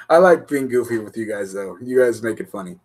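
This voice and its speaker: Male RC show host, mid-pitched, goofy casual stream chat, laughs easily. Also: lively intonation, moderate pace. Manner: goofy, laughing, chatty with viewers.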